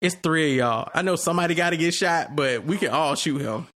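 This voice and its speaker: A man's voice: fairly high pitch, brisk, a bit bright. A man giving casual, laughing movie reaction commentary, swearing and bantering with friends.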